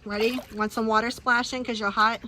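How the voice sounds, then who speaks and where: A woman's voice: fairly high pitch, little pitch movement, fairly quick, background noise. A woman chatting casually on a livestream from her backyard pool, laughing often and talking to her dogs.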